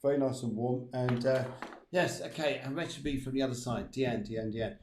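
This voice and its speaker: A man's voice: medium pitch, fairly even intonation, fairly quick, darkish tone, a little hiss or hum. Man, medium and host, roomy echo, chatty. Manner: chatty, reads out viewer requests. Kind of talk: live spiritual readings.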